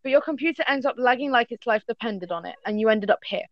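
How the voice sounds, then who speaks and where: A woman's voice: fairly high pitch, animated, fast, no room sound, dull audio. A woman reading fan fiction aloud to friends in a casual call, often stumbling and correcting herself.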